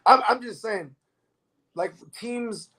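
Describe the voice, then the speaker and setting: Man, fantasy football co-host, high voice, casual and profane, rambling. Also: slow, bright, forceful tone, breathy edge. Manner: loose, profane, keeps asking "you know what I mean". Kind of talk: casual live-stream sports chat.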